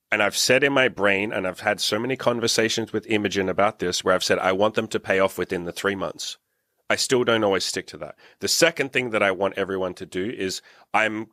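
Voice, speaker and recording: A man's voice: on the low side, bright, forceful tone, no echo, studio quality. A man hosting a casual roundtable as a dating and business coach, blunt, joking and profane.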